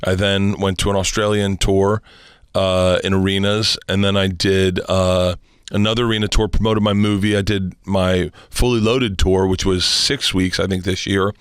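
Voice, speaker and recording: A man's voice: low voice, little pitch movement, normal speed, clear, resonant tone, dry recording, studio quality. A middle-aged man from Florida, a touring comedian telling a personal story as a guest in casual, profane, rambling chat.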